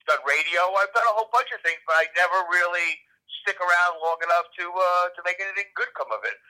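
Man, bright tense tone, slightly high, phone-line audio from a car, self-deprecating, halting. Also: steady tone. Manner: self-deprecating joker, halting with many ums. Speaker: podcast guest. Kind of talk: casual chat. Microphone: phone headset.

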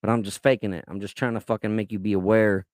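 Low-voiced man swearing through podcast banter. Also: flat delivery, fast, darkish tone, no echo, studio quality. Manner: crude, profane, provocative banter. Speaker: podcast co-host. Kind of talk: casual podcast chat.

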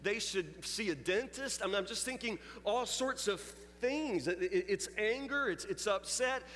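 A man's voice: sits high, lively intonation, moderate pace, fairly bright tone, a little hiss or hum. A man preaching a sermon, telling a story in a confessional, building way. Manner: storytelling, confessional, rising intensity. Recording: long hall reverb with faint music.

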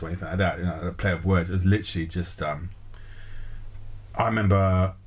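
Rambling, jokey co-host man with a lowish voice. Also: a little fast, pauses often. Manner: rambling, swears, jokey storyteller. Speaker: podcast co-host. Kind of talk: casual chat.

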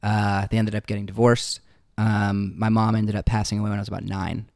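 Low-voiced man telling his story. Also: flat delivery, creaky, a little mellow, no room sound, studio quality. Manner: reflective, halting with fillers. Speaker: musician guest. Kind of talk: casual interview storytelling.

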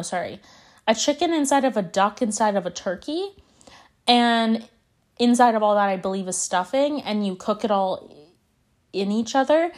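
A woman in her twenties hosting a solo podcast in a rambling, chatty way, full of fillers and restarts, and given to dramatic, exaggerated declarations. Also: mid-range voice. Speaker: podcast host. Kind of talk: casual solo podcast chat.

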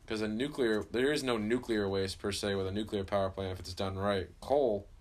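A man's voice: fairly low pitch, steady tone, fairly quick, a little mellow. A man co-hosting a podcast in casual banter, crude and laughing often. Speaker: podcast co-host.

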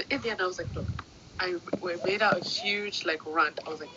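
A woman's voice: fairly low pitch, expressive, fast talker. A woman chatting casually, telling blunt stories in an indignant tone. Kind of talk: casual chat. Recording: muffled recording with clear background noise.

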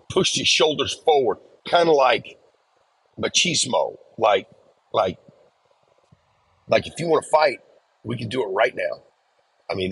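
Man, middle-aged, very husky voice, casual storytelling, measured and reflective. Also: mid-range voice, fairly bright tone, poor audio. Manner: reflective, measured, acts out quoted lines. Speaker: podcast host telling a prison story.

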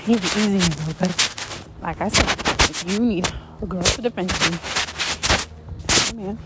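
A woman vents in a casual vlog rant, blunt and heated, and she swears without holding back. Her pitch sits in an ordinary middle range. A loud background noise runs under the whole recording. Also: moderate pace. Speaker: content creator.

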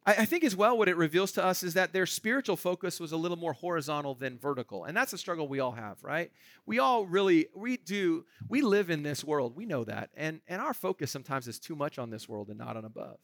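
Male pastor, high bright voice, dry close sound, chatty sermon that keeps asking the room "right?". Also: animated, a little fast, dry recording. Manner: conversational, asks the room "right?".

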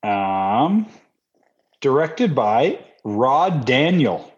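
A man's voice: mid-range voice, big pitch swings, drawn-out words. A man co-hosting a podcast in casual chat, asking wry, skeptical questions and running a quiz. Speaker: podcast co-host. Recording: dull lo-fi sound.

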